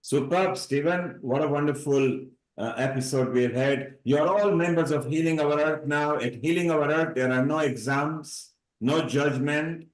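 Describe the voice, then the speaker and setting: An upbeat man hosts a live online gathering over a video call and introduces speakers one after another. His voice sits a little high for a man. The room around him sounds echoey. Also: unhurried. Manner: upbeat, playful linking remarks. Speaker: host of a live online event.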